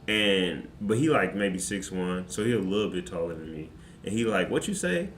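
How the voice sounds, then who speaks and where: A man streamer telling a story in casual, slangy, animated fashion. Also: low voice, moderate pace, soft background music. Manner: animated, slangy, excitable retelling. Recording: roomy with faint background noise.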